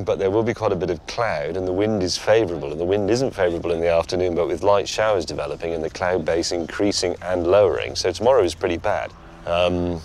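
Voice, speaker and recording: A man's voice: sits low, darkish tone, a little hiss or hum. A man presenting on location outdoors, enthusiastic, with a dry, self-mocking humour. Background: clear music.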